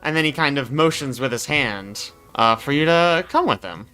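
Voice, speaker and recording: Man running a tabletop game, bright and animated, hesitant, mid pitch. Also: moderate pace, clean tone, soft background music. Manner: bright, lively, often hesitant with fillers. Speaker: game master.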